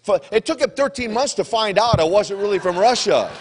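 An older man holds a convention crowd with rambling, good-humored stories, slipping into little voices for the people in them. His voice sits a bit higher than most men's. He speaks into a handheld mic in a convention hall. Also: a little fast, a little hiss or hum. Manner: animated, jokey storyteller, acts out quotes. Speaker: wrestling legend answering fan questions. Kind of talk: convention Q&A storytelling.

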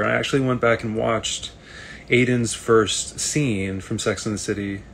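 A man, an actor, chatting casually on a live video stream, reading fan comments aloud and answering them in a relaxed, rambling way. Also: fairly low pitch, moderate pace, creaky, slight background noise.

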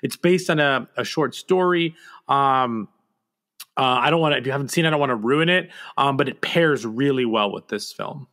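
A man at an ordinary middle pitch chats casually as a podcast host. He meanders through his points, often pausing on fillers and starting sentences over. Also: a bit bright. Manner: rambling, with many fillers and restarts. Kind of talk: casual movie chat.

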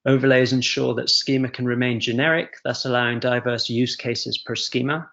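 A man giving a technical presentation on a web call, halting with many fillers and restarts, over dull lo-fi audio. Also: mid-range voice, fairly even intonation, gravelly, bright, forceful tone. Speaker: guest presenter.

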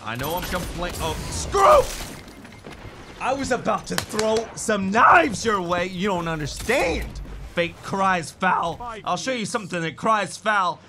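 A young man giving jokey, excitable commentary while playing a shooter game, breaking into sudden shouts. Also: high voice, a little slow, a crowd in the background. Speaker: gaming YouTuber. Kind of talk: live gameplay commentary. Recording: gunfire noise behind voice. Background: game gunfire.

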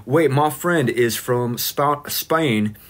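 Young male live-stream host from California, chatty and rambling, average pitch. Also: slow. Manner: rambling, chatty, restarts and laughs. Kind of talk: casual live-stream chat.

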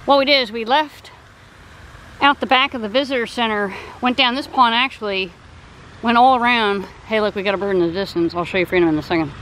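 A middle-aged woman with a fairly high voice chats into a handheld phone as she walks through an outdoor park. She rambles excitedly from one thing to the next, with faint outdoor noise behind her. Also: brisk, poor audio. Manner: chatty, excitable, rambling, with high sing-song baby talk to her parrot. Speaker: vlogger. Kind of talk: casual walking vlog.

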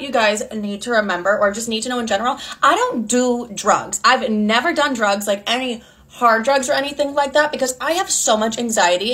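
A young woman with a slightly high voice recounts a personal storytime. She talks in a chatty, unfiltered way, swearing freely and filling her sentences with "like". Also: fairly bright tone. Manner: chatty, candid and profane, heavy use of "like". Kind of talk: casual storytime.

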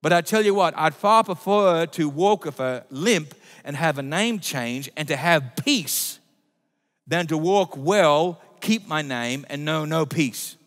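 A man preaching a sermon as pastor, emphatic, swinging between loud declarations and quiet asides. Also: fairly high pitch, animated, takes it slowly. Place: church. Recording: long reverb of a church hall.

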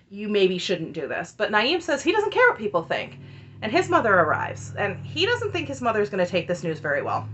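A woman's voice: on the low side, sharp tone, lo-fi sound. Chatty woman recapping reality TV. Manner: chatty and opinionated, with wry asides. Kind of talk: casual TV recap commentary.

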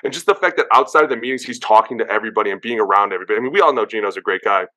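A man in his thirties chats as a guest, rattling off stories at a quick clip. His voice is bright and lively, and he slips into quoted voices with plenty of "like" and "dude". It sounds like a relaxed, excited interview. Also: on the low side. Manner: animated, acts out quotes, many "like" and "dude". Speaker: guest, former pro football player. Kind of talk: excited casual interview storytelling.

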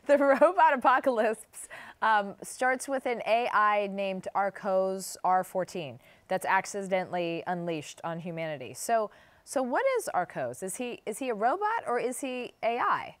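A woman's voice: mid-range voice, expressive, measured pace, no room sound. Playful woman host asking questions. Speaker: interviewer host. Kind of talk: casual interview questions.

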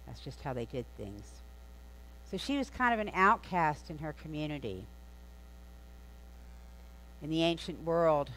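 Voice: medium pitch, rough recording. Conversational preacher telling a story. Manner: conversational, storytelling delivery with asides. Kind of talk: sermon. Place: church sanctuary.

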